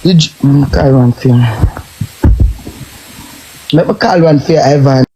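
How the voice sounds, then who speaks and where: A man's voice: mid-range voice, measured pace, dark tone, slight background noise, poor audio. A man with a Jamaican accent, ranting and taunting in a cursing live stream tirade.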